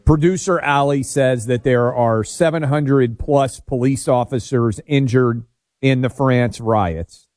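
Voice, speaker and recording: A man's voice: medium pitch, slow pace, a little mellow, dry recording, clean studio sound. A man from the United States co-hosting a talk radio show, giving blunt opinions in casual banter. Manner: opinionated, confessional.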